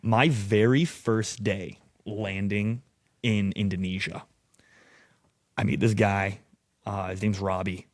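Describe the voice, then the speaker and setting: Young American man, low gravelly voice, casual profane storyteller, dry studio sound. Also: steady tone, slow pace, long pauses, no room sound. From United States. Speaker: podcast guest. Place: podcast studio.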